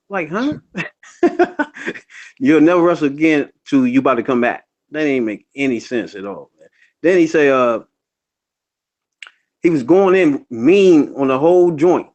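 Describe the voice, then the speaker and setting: A man's voice: medium pitch, highs cut off. A man co-hosting a podcast in casual chat, laid-back, slangy and amused. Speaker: podcast co-host. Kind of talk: casual wrestling review chat.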